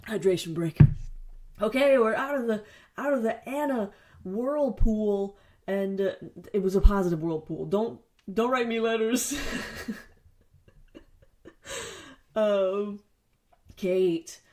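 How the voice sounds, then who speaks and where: In a mid-range, slightly mellow voice, a woman takes it slowly and leaves long pauses as she hosts her solo podcast. Her talk is rambling, profane, and self-mocking, recorded in a home basement studio with her speaking into the wrong side of the studio mic.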